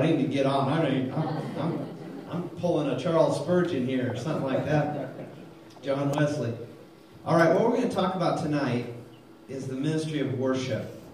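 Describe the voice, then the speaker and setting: A man preaching a lively sermon, calling for amens and telling jokes, recorded in a church hall. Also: mid-range voice, slight background noise. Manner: energetic, calls for amens, tells jokes. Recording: very echoey hall, mic far off.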